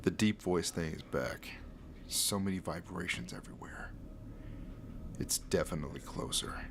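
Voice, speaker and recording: A man with a very deep voice tells a horror story in the first person, sounding tense and shaken. A clear hiss of background noise sits under his voice. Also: normal speed, a bit bright. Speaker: narrator of a horror video.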